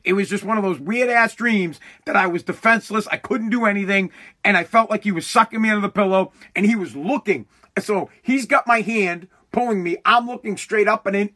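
A young man hosts his own podcast alone, telling stories in a loose, rambling stream full of swearing and false starts. His voice sits high for a man and sounds bright and forward. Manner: rambling, profane, restarts often. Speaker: podcast host. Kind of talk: casual solo podcast monologue.

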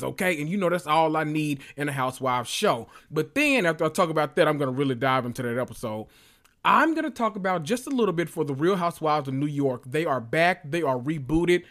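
A man hosting a casual solo podcast, talking in an animated, sassy way with lots of cussing and drawn-out emphasis. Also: a little high. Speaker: podcast host.

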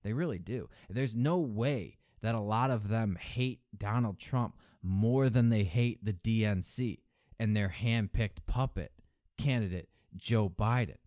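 In a political commentary monologue, a podcast host delivers a sneering, profane rant, mocking opponents by mimicking them in a higher voice. His tone is darkish and his pace measured, recorded in studio quality with no echo.

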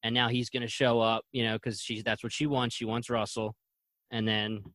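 A man's voice: medium pitch, little pitch movement, normal speed, fairly bright tone, no echo. A man on a casual podcast, thinking aloud and speculating about plot moves, with "you know" fillers. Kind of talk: casual discussion of a TV episode.

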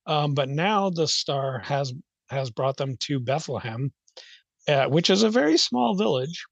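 A man's voice: on the high side, expressive, measured pace, vocal fry, no echo, muffled recording. A man explaining at length in loose, unscripted talk, hesitant and rambling, with many fillers and restarts. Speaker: guest.

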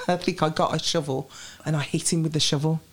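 A woman with a Birmingham accent, chatting lively and laughing easily as an interview guest. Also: deep voice, fairly quick. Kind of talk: casual chat.

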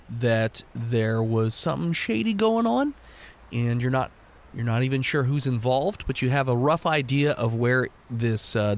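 A man with a nasal, flu-stuffed voice who hosts the show and narrates as game master, bantering and explaining with fillers. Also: mid-range voice. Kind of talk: hosting and narrating a tabletop game.

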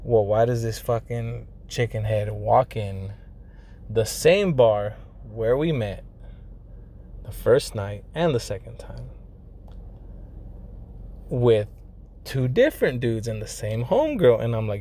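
A young man tells a personal story slowly and animatedly, his mid-range voice warm and broken by frequent pauses. He talks casually and profanely, with lots of slang and fillers like "like" and "you know," sprinkling Spanish phrases through his English.

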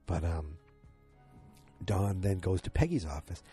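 Low, dark-voiced man recapping a show. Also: unhurried, faint music behind. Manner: rambling, excitable, acts out quoted lines. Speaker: TV episode recapper. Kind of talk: casual episode recap.

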